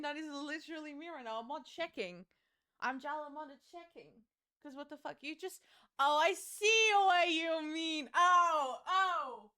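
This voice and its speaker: High, bright-voiced woman streamer. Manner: swearing, giggly, reading chat aloud. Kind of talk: casual chat with stream chat while gaming.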